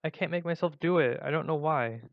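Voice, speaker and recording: A man voicing an exhausted, anxious teenage girl who speaks in a weak, halting way. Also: fairly high pitch, no echo, natural voice. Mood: weary. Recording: dull lo-fi recording.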